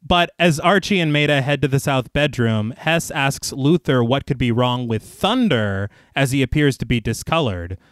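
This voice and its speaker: A man's voice: mid-range voice, normal speed, hardly any pauses, no room sound, clean studio sound. Man recapping a film on a podcast. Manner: reads recap evenly, then jokes with animated asides. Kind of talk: casual chat, reading a plot recap.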